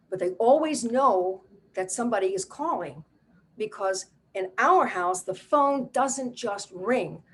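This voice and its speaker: An older woman performs a one-woman stage story with a wry, animated, conversational delivery. Her voice is husky and sits in a mid range. She talks to the audience like she is chatting with friends. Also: mid-range voice. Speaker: playwright and solo performer.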